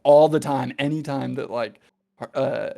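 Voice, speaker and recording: A man's voice: medium pitch, moderate pace, creaky, warm tone. A man hosting a podcast, telling rambling, profane stories in casual chat and laughing often. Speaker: podcast host.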